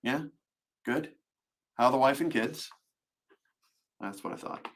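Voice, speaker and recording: A man's voice: mid-range voice, unhurried. A man, a voice actor, chatting casually and jokily while signing autographs on a live stream. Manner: jokey, playful, self-mocking. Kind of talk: casual livestream chat.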